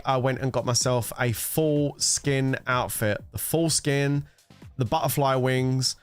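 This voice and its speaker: A man giving heated, profanity-laced commentary, exasperated and ranting about a mobile game. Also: medium pitch. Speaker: gaming content creator.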